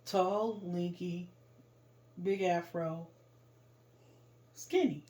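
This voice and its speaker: Very slowly, with fairly low pitch and fairly even intonation, a woman tells a painful story from her life in everyday speech. The telling is raw and emotional, and she erupts loudly when reliving the worst moments.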